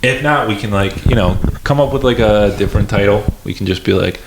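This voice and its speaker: A young man chats loosely on a comedy podcast, slightly low in pitch, with hesitant, filler-heavy rambling. His voice rings in an echoey room over a faint hiss. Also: brisk. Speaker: podcast co-host. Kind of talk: casual comedy podcast chat.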